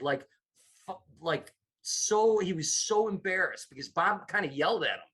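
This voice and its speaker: A man's voice: fairly high pitch, unhurried. A middle-aged man from the United States, a comedy producer telling stories in a casual interview, acting out the voices of people he quotes. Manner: animated, acts out quoted voices. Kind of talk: casual storytelling.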